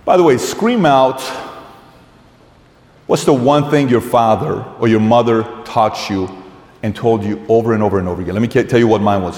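A man giving a live motivational business talk to an audience, an animated storyteller who acts out dialogue with blunt, profane language. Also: medium pitch. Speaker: business speaker. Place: large hall with a live audience. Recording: echoey hall, long reverb.

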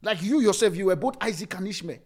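A male pastor with a high voice preaches a sermon. He repeats key phrases for emphasis. He moves between loud, emphatic preaching and soft, laughing asides. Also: expressive, fast talker.

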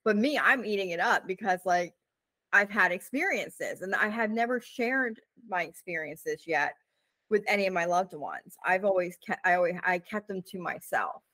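A woman co-host chats through a story in a loose, animated way, leaning on "like" and "you know" and acting out each quote. Her voice sits at a middle pitch for a woman. The sound is dry and close, with no room around it. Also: moderate pace, dry recording. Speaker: podcast co-host. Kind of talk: casual storytelling chat.

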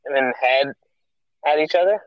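A man's voice: a little high, unhurried, no room sound, highs cut off. A young man co-hosting a podcast in casual chat, firing back teasing, matter-of-fact comebacks. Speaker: podcast co-host.

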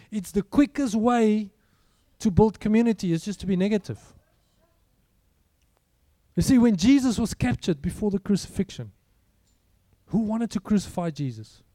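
High, mellow-voiced preacher. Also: male voice, normal speed, no echo. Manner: conversational preaching, rhetorical questions. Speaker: pastor. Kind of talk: sermon.

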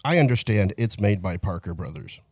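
A man with a lowish, mellow voice co-hosts a casual podcast, dropping dry, teasing remarks. The sound is close and dry, with no echo. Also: animated, a little fast, husky. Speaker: podcast co-host. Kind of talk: casual chat.

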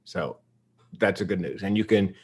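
A man in his fifties from the United States, telling a personal story in a public talk with comic timing and deadpan asides. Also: low voice, moderate pace, breathy edge. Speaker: speaker.

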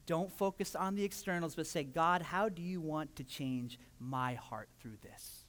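A man preaching a sermon as pastor, telling stories and acting out quotes with lively energy. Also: a little high, measured pace. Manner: animated storytelling with acted-out quotes. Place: church sanctuary. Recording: long hall reverb.

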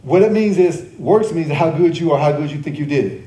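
A man's voice: a little high, fairly quick, mellow, roomy sound, poor audio. A male pastor delivering a sermon, repeating key phrases, quizzing the congregation and adding joking asides. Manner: conversational preaching with joking asides. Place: church service.

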